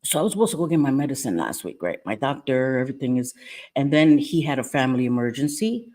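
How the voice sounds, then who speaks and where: Low-voiced chatty woman live-streaming. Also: big pitch swings, fast, darkish tone. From Puerto Rican heritage. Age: middle-aged. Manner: chatty, greets viewers by name, rambling asides; keeping her voice down. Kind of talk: casual live-stream chat. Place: at home.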